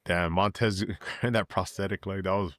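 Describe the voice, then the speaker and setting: A man's voice: deep voice, steady tone, normal speed, fairly bright tone, no echo, studio quality. A man co-hosting a wrestling podcast in an easygoing chat, full of fillers, hyping wrestlers and thanking viewers. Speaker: podcast co-host.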